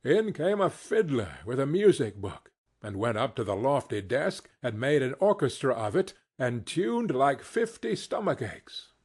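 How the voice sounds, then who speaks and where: A man narrating a classic novel as an audiobook, reading in an expressive, unhurried way. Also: medium pitch, slightly rough. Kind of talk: scripted narration.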